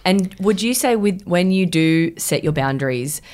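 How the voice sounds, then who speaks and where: Female podcast host, low pitch, thoughtful, feeling her way through questions. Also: expressive, moderate pace, a little mellow. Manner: thoughtful, searching for words. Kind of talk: podcast interview.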